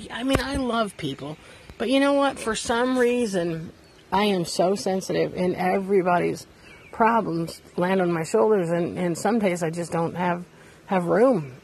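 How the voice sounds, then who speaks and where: A woman's voice: medium pitch, normal speed, noisy background. A woman hosting a casual monologue podcast, talking candidly and rambling, sitting outdoors beside her bus. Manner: rambling, candid, self-deprecating. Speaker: podcast host.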